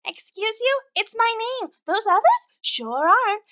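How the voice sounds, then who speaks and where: A prickly young woman who snaps back with sarcastic indignation , as a woman voices her. The voice sits high and bright with a forceful edge, heard through a dull lo-fi home mic. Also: very animated, measured pace, no echo, full character voice. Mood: indignant. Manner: snappy, indignant, mock-dramatic. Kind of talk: visual novel voice acting.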